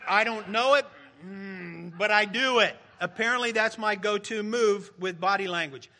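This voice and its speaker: High, bright-voiced man preaching. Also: normal speed, a little hiss or hum. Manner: conversational, joking with the congregation. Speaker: pastor. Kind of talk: sermon.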